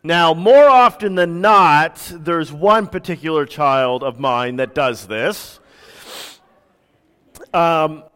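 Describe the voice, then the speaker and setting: A man in his thirties, a pastor preaching a sermon with relaxed, self-deprecating stories. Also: a little high, smooth. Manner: conversational, self-deprecating storytelling. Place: church sanctuary. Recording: reverberant church hall.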